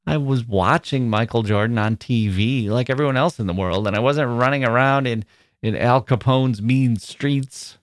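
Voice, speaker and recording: A man's voice: mid-range voice, normal speed, no echo, clean studio sound. Thoughtful man musing on a podcast. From Wisconsin, USA. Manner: thoughtful, wry, with small self-corrections. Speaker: podcast host. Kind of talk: reflective spoken essay.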